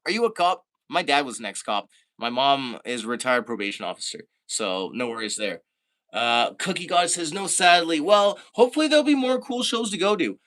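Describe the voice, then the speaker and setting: Sharp in tone and sitting on the high side, this Canadian guy keeps things easygoing on his stream, laughing readily as he reads out what viewers write.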